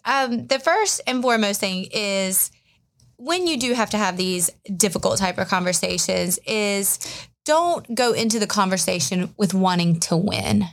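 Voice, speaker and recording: A woman's voice: medium pitch, lively intonation, a little slow. A woman co-hosting a podcast, chatting casually with many fillers and a self-deprecating tone. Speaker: podcast co-host.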